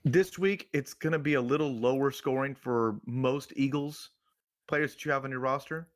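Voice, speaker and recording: Brief: male podcast co-host, dry close mic, casual sports chat, teasing but measured. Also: medium pitch, no echo. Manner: teasing, measured advice to listeners.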